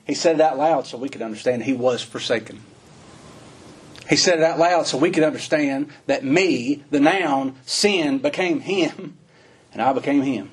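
A man preaching a sermon, reading scripture and explaining it in plain folksy talk, rising to fervent emphasis and slowing on key words. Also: husky. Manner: rises to high, fervent emphasis and slows on key phrases; reads scripture in old-fashioned wording, then explains in plain folksy talk.

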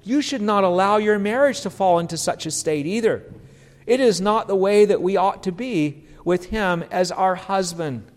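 Male preacher, high voice, earnest sermon, acts out quotes, dips low and soft. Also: normal speed.

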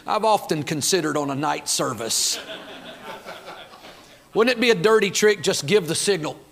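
Fired-up high-voiced preacher man. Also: a bit bright. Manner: fired-up, folksy, talks to the crowd. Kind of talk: sermon. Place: church auditorium.

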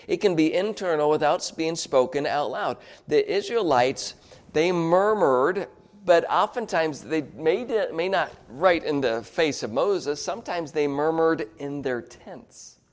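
A man preaching a sermon, chuckling often between points and getting the congregation to repeat words aloud with him. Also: a little high.

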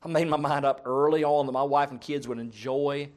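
A middle-aged man preaching a sermon, telling humorous stories and swinging between loud and soft. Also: mid-range voice, steady tone, brisk.

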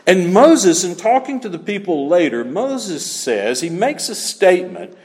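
A man's voice: high-pitched, sing-song, measured pace. A man preaching a sermon with emphatic, repeated key phrases, in a church. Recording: long hall reverb.

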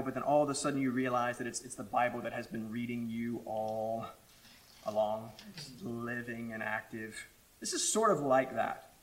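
A man preaching a sermon as pastor, emphatic, with dramatic pauses and quiet asides. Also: fairly high pitch, rough recording.

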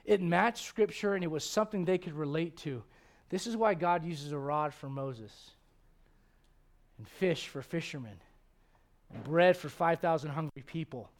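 A man's voice: a little high, moderate pace. A man preaching a sermon to a congregation, emphatic and driving his points home with repeated rhetorical questions. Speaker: pastor. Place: church service before a congregation.

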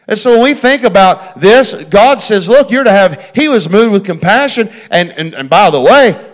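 A man's voice: high-pitched, lively intonation, normal speed. A middle-aged man preaching a folksy sermon, repeating phrases and talking straight to his congregation. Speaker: pastor.

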